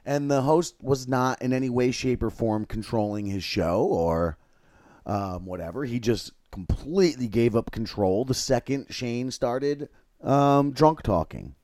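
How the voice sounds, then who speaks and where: A man hosting a livestream, telling a long, halting, rambling story with crude swearing. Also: medium pitch, animated, a little mellow, dry recording, studio quality. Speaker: livestream host.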